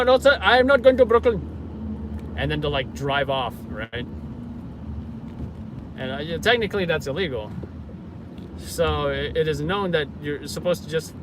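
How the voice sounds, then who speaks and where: A man hosting a casual live stream from inside a car, rambling with many fillers as he answers viewers. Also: a little high. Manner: rambling, filler-heavy, self-correcting. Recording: car and street noise.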